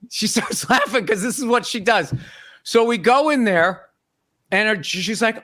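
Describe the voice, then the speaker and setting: A man's voice: high voice, expressive, measured pace, pauses often, sharp tone. A middle-aged man hosting a podcast, telling an exasperated, profane comic story about his wife. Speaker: podcast host. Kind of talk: comedic storytelling rant.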